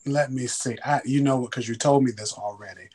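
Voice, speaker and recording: A man's voice: medium pitch, brisk, a little mellow, breathy edge. A man co-hosting a podcast in easygoing, playful casual chat, sometimes hesitating. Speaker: podcast co-host.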